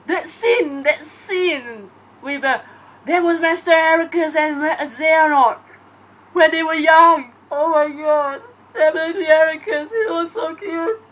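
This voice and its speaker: A woman's voice: high-pitched, a little slow, a bit bright, a little hiss or hum. A young woman hosting a fan reaction video, gushing and exclaiming over and over.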